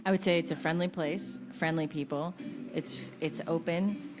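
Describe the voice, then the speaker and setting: Brief: American female co-host, lower voice, giggly candid chat, music bed. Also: fairly even intonation, normal speed. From United States. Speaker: podcast co-host. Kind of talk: casual chat.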